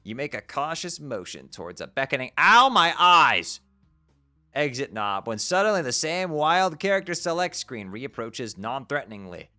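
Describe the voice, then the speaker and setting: A man streaming, reading a webcomic aloud to his chat, animated and quick to swear and rant. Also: mid-range voice. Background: faint background music.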